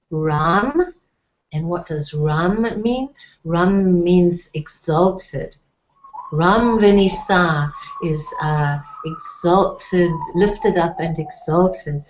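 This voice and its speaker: Woman, Hebrew teacher, patient and deliberate, slightly low voice, dull lo-fi recording. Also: a little mellow. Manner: patient, spells out letters and sounds, prays in Hebrew. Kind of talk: slow, deliberate Bible-language lesson.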